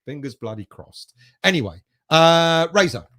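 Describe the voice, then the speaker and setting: A man's voice: fairly high pitch, lively intonation, measured pace, a bit bright. A man hosting a fan livestream, reading viewer comments aloud and chatting casually, with the odd bit of swearing. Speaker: fan channel host reading live chat.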